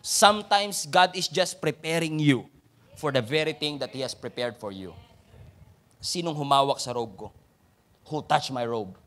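A man with a Filipino accent delivering a sermon, his voice sitting noticeably high for a man. He speaks in a conversational way, often asking the listeners questions and urging them on. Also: moderate pace, a bit bright. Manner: conversational preaching with rhetorical questions and exhortations. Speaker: preacher.

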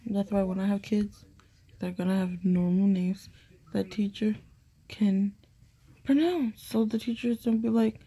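A woman's voice: mid-range voice, steady tone, a little slow, pauses often, warm tone, husky. A young woman vlogging in a playful, rambling casual monologue, with lots of "like" and sing-song bits. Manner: playful, repeats her name in sing-song; heavy use of "like".

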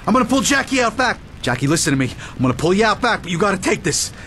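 Brief: gruff game mobster, breathless and urgent, dragging a wounded pal. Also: male voice, high-pitched, big pitch swings, very fast, fairly bright tone, slight background noise, heavily acted. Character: tough adult male mobster, loyal, winded.

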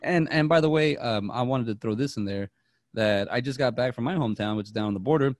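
Fast, rambling man on a podcast. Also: medium pitch, no echo, clean studio sound. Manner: rambling and excitable, piling up restarts. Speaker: podcast co-host. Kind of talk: casual movie chat.

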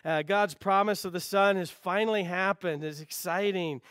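A man preaching a sermon with a notably high voice, earnest and emphatic, repeating key phrases. Now and then he sinks to a hushed near whisper. The sound is dry and close, with no room echo. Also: steady tone, moderate pace. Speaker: pastor.

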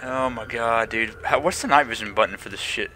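A man's voice: medium pitch, fairly quick, sharp tone, a little hiss or hum. A young man hosting a horror game playthrough, jumpy and slangy, swearing and chattering nervously at his desk mic. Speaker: gaming channel host.

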